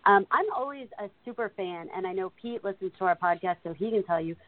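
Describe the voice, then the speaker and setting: A woman's voice: medium pitch, fast. Chatty woman on a tinny line. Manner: enthusiastic, chatty, laughs easily. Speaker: podcast co-host. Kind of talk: casual TV recap chat. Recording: phone-like narrow audio.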